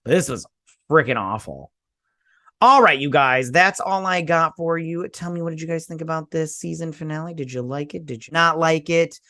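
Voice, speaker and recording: A man's voice: fairly high pitch, moderate pace, sharp tone, dry recording. A man hosting a casual review vlog, blunt, sarcastic and dismissive in tone. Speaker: host.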